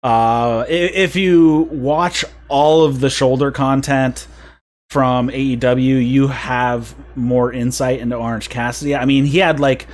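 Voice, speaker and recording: A man's voice: medium pitch, fairly even intonation, measured pace. A man hosting a podcast, casually recapping wrestling events at length and chuckling at the funny bits. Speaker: podcast host. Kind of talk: casual wrestling review chat.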